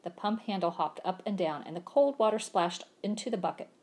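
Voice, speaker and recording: A woman's voice: mid-range voice, brisk. A woman reading a children's storybook aloud, acting out the sound effects with gusto. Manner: animated, acts out sound effects.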